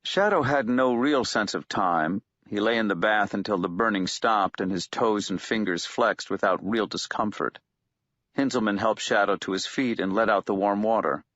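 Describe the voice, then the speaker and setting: A man reads a novel aloud in a measured, steady narration. His voice sits low, and the recording is dull and dry with a lo-fi edge. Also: no room sound. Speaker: audiobook narrator. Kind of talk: scripted narration.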